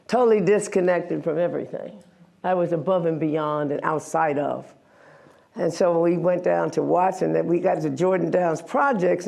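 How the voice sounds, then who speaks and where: Old lady in her 80s, gravelly voice, wry storytelling, laughs at herself. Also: lowish voice. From United States. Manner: candid, wry, animated storytelling with self-mocking laughs. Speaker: guest speaker, activist. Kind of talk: storytelling talk before an audience.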